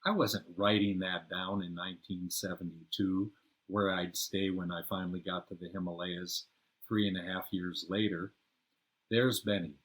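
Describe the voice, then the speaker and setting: A man's voice: sits low, level tone, normal speed, a bit bright. An older man hosting a podcast, telling personal travel stories in a rambling way and searching for words. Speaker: podcast host and storyteller.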